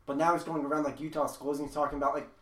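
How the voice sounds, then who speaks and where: A man's voice: fairly high pitch, level tone, rapid-fire, reverberant, a loud crowd. A man joining a casual chat with friends, chiming in on a shared story.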